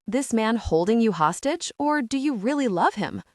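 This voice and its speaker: A woman voicing a gruff, mumbling male tattoo artist with a Southern accent, in an audiobook. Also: on the high side, animated, normal speed, a little mellow, no echo, studio quality, pitched above the performer's own voice, lightly acted. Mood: friendly.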